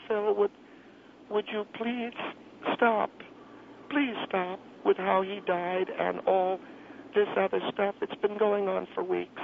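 A fussy, indignant elderly woman, put on by a man, calls in to a radio show over a thin, tinny phone line. Her voice is creaky and gravelly as she pleads and repeats herself, growing exasperated. A faint hiss sits under the call. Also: sits high, voice pushed up. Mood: pleading.

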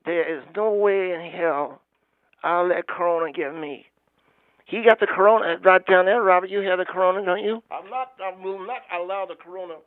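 A man's voice: high-pitched, normal speed, no echo. A man speaking emphatically and repeating himself, in a played clip. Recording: tinny phone-like clip.

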